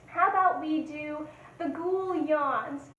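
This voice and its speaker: A woman's voice: sits high, slow, fairly bright tone, muffled recording. A woman leading a children's music lesson, upbeat and encouraging, chanting and singing along. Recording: echoey room with instrument. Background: instrument played.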